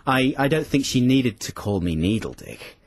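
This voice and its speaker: A man's voice: medium pitch, sing-song, moderate pace, slightly rough. A man hosting a radio show in a studio, chatting casually, stammering and apologising while laughing at himself. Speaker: radio host.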